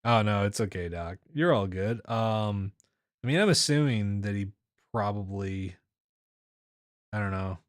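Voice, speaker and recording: A man's voice: on the low side, unhurried, pauses often, no room sound, clean studio sound. A man streaming games, chatting casually with his viewers, rambling and laughing often. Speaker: game streamer. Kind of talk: casual chat with live chat.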